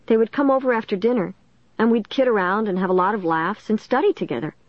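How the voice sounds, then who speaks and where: A woman reading a first-person story aloud in a plain, steady storytelling manner. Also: medium pitch, fast talker, dry recording, dull audio. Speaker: audiobook narrator.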